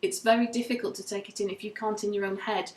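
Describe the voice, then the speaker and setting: A measured, plain-spoken woman talking through a lesson as a tutor. Her voice has a middling pitch for a woman. Echo from the room hangs around her words. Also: steady tone, darkish tone. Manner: measured, plain-spoken, reads names from a list. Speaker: Egyptology tutor. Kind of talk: casual teaching chat. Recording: echoey room.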